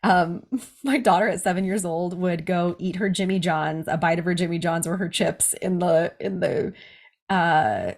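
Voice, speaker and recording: A woman's voice: lowish voice, steady tone, normal speed, vocal fry, a little mellow. A woman in her thirties, a podcast host, candidly telling a personal story in casual chat, laughing often. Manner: candid, laughs often, quotes others in livelier voices.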